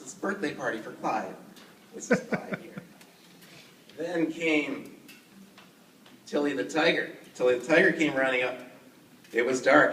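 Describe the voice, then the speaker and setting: A man's voice: medium pitch, fairly bright tone. A man narrates a children's puppet story playfully and talks straight to the kids. The sound is distant and echoey, with faint background noise. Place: outdoor fair.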